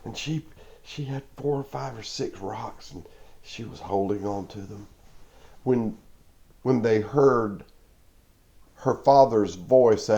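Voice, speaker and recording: A man's voice: mid-range voice, measured pace, warm tone, muffled recording. A man giving a devotional talk, telling a parable with emphatic repeats and laughs. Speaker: Christian video preacher.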